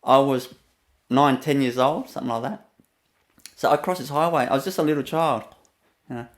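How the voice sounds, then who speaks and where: A Vietnamese man with a Vietnamese accent speaks in a mid-range voice as a spiritual teacher sharing a personal story. He laughs often between phrases and pauses on fillers.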